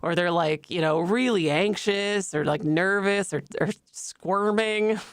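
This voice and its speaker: Smooth-voiced woman telling a funny story. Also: mid-range voice, unhurried, no room sound, clean studio sound. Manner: laughs often, acts out others' lines. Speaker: streamer. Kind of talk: casual anecdote told live on stream.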